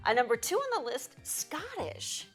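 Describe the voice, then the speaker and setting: A woman co-hosting a news and entertainment show, reading stories with a brisk, playful delivery. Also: a little high, big pitch swings, a bit bright, soft background music. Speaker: show co-host.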